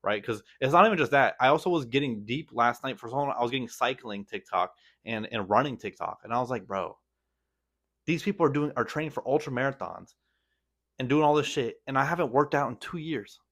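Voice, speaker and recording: A man's voice: medium pitch, animated, brisk, a bit bright. A young man talking casually to camera in a vlog, rambling and self-critical, with lots of slang and restarts. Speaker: vlogger.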